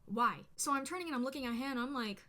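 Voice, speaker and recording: A young woman vlogger chatting casually to the camera, telling a storytime with lots of "like" fillers and animated asides. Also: high voice, rapid-fire.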